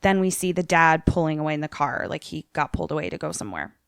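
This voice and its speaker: A young woman chats her way through a movie trailer on a podcast, piling up fillers as she goes. Her voice sits a little low and sounds smooth and clean. The recording is dry and close, with no room sound. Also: very animated, fast talker, no room sound. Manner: chatty, filler-heavy, lots of "like". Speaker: podcast co-host. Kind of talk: casual retelling of a trailer.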